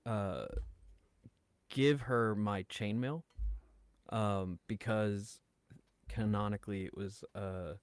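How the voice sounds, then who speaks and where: Slow-talking man playing a tabletop game. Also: lowish voice, clean tone, no echo. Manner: halting, with many fillers. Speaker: player. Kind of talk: tabletop role-play.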